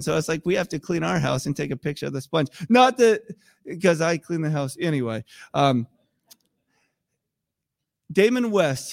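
High-voiced animated American man preaching. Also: no echo, studio quality. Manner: animated storytelling, acts out quoted voices. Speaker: pastor. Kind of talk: sermon.

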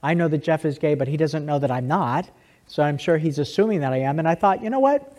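A man's voice: a little high, fast talker, a little mellow. A man speaking to an audience, telling a personal story conversationally, with frequent restarts and asides. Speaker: speaker giving a testimony. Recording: long hall reverb.

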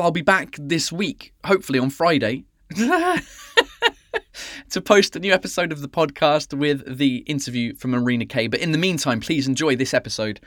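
A man's voice: on the high side, fairly bright tone, dry recording, clean studio sound. A man hosting a casual live-stream chat show. He rambles in a cheeky way, swears freely and slips in and out of French. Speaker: comedian podcast host.

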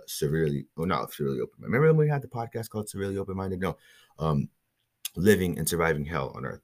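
A man hosting his own podcast alone, talking in a rambling, profane, hyped-up way. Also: low voice. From Northern California. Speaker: podcast host. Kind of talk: casual solo podcast monologue.

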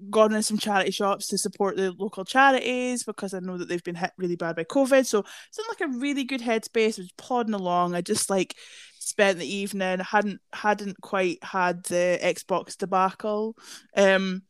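A young woman co-hosting a podcast tells lively, casual stories, chatting at a normal speed and swearing freely. Her medium-pitched voice is smooth, with no echo.

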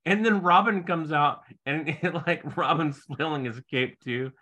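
A man's voice: on the high side, unhurried, bright, forceful tone. A man co-hosting a podcast in casual chat, wry and sarcastic, laughing often as he recaps a TV episode. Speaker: podcast co-host.

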